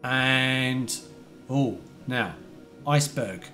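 A man's voice: mid-range voice, extremely slow, pushed and bright, soft background music. A man from the UK chatting casually to his viewers while playing a building game on a live stream. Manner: chatty, talks to chat viewers, remembers their details.

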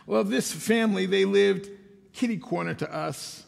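An older man preaching a sermon, telling personal stories in a relaxed, conversational way with wry humor. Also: sits high, a little slow, vocal fry. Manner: conversational storytelling with self-deprecating humor. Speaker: pastor. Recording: long hall reverb.

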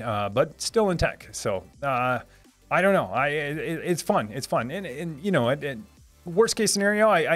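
Chatty man hosting a live stream. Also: fairly high pitch. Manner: chatty, laughs often, many restarts and repeated words. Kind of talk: casual live-stream chat reading viewer comments.

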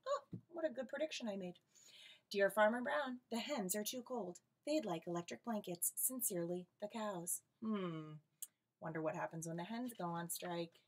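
A woman teacher reading a picture book aloud to young students, expressive and animated, pausing for friendly asides. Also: medium pitch. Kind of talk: read-aloud storytime for children.

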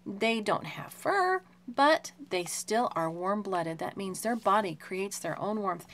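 A young adult woman, a homeschooling mom, reading aloud from a picture book and explaining it simply to a young child, asking lots of questions. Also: medium pitch.

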